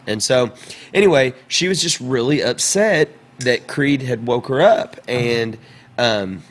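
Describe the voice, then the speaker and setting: A man's voice: mid-range voice, lively intonation, measured pace. A man in his thirties, a podcast guest, telling a story in casual chat, repeating words as he goes.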